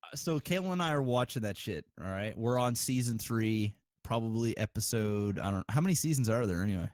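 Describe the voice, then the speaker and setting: A man's voice: lowish voice, lively intonation, fairly quick, darkish tone, dry recording, studio quality. A man co-hosting a podcast, telling rambling stories with lots of swearing. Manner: profane, rambling storyteller. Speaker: podcast co-host. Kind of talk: casual chat.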